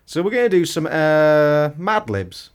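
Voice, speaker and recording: A man's voice: fairly high pitch, big pitch swings, a little slow. A man co-hosting a casual podcast, full of jokey, playful interjections. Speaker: podcast co-host. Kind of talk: casual group chat.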